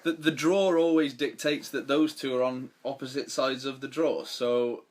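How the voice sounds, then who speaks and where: Male podcast co-host, chatty and rambling, with a mid-range pitch. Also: fairly even intonation, moderate pace. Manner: rambling, with many restarts. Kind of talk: casual sports chat.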